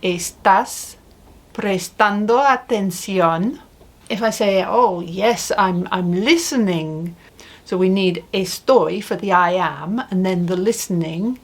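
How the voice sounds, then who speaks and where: This slow spoken lesson comes from a Spanish teacher whose voice sits in the mid range. Patiently, she asks the learner questions and models phrases to repeat.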